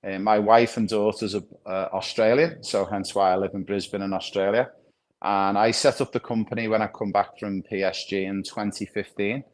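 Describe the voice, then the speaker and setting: A middle-aged man with a Liverpudlian accent speaks in a fairly low voice as a podcast guest. He comes through a remote call and talks in a relaxed, matter-of-fact way. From Liverpool, England. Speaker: guest, football coaching company founder.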